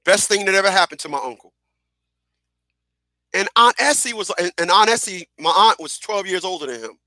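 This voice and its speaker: A middle-aged man hosting a radio show, telling stories in a casual, animated way, repeating phrases and acting out what people said. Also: high-pitched, brisk, dry recording, clean studio sound. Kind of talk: casual storytelling monologue.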